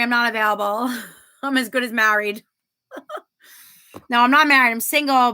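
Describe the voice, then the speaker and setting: A woman's voice: a little high, bright, forceful tone. A woman in her thirties hosting a casual livestream, reading viewer comments aloud and chatting, giggling often. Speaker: livestream host.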